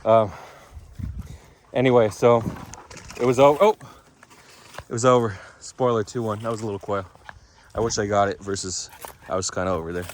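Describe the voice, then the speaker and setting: Man, mid pitch, chatty rambling vlogger, outdoors, faint noise behind. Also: fairly even intonation, normal speed, long pauses. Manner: chatty, rambling with restarts and fillers. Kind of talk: rambling casual vlog.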